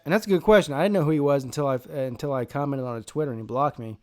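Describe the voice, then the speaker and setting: A man's voice: medium pitch, racing. A man from South Carolina hosting a live football draft stream, brash, profane and joking in casual commentary.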